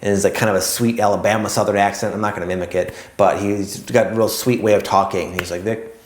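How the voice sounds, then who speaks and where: A man's voice: lowish voice, fairly even intonation, fast talker, roomy sound. A man hosting a spiritual video, talking casually and rambling, with lots of "like" and "kind of". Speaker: spiritual YouTube host. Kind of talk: casual spiritual talk to camera.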